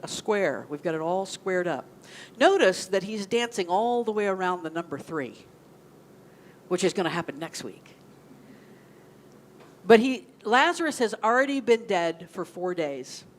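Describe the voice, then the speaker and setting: A woman's voice: medium pitch, expressive, unhurried, pauses often. A woman minister gives a sermon in a conversational way, often asking the congregation questions. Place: church sanctuary.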